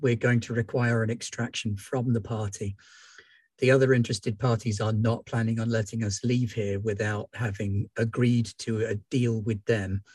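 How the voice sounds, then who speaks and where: A man with a husky voice plays a character in a tabletop game, speaking formally and measuredly. The recording is dry and close. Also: on the low side, little pitch movement, moderate pace, darkish tone, no echo. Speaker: player. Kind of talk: in-character role-play.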